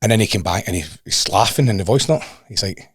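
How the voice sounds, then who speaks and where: A Scottish man with a lowish voice tells stories at a quick clip in casual chat, swearing and circling back on his words. The sound is dry and close. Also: husky, dry recording. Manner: rambling storyteller, swears, repeats himself. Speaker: fitness coach and podcast co-host.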